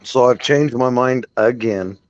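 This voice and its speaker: A man's voice: mid-range voice, measured pace, no room sound. A man hosting a casual podcast, talking about cars in a rambling way and laughing often. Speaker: podcast host. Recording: dull lo-fi recording.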